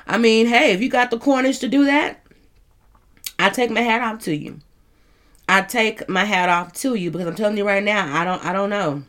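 A woman's voice: mid-range voice, moderate pace, fairly bright tone. A woman hosting a casual commentary show, chatty, rambling and laughing as she talks. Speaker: host.

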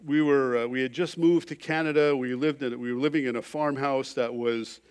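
A middle-aged male pastor preaching a sermon, telling a personal story with loud emphasis that drops to a hushed, confessional tone. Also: mid-range voice, steady tone, normal speed, smooth.

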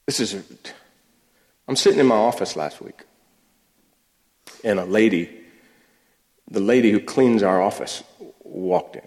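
A man's voice: lowish voice, unhurried, pauses often, darkish tone. A man giving a sermon-style talk, telling stories about faith at work, often restarting and repeating words. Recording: long echoey hall reverb.

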